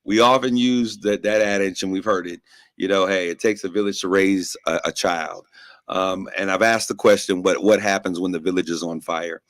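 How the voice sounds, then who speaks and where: Male talk host, rallying and emphatic, low voice, dry studio sound. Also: fairly even intonation, moderate pace, no room sound.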